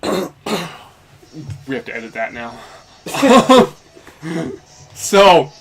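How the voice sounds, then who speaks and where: A man's voice: on the high side, big pitch swings, extremely slow, a bit bright. A young man casually recapping a story while playing a game, rambling along with lots of fillers. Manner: loose and meandering, heavy on fillers like "basically" and "like". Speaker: let's play commentator.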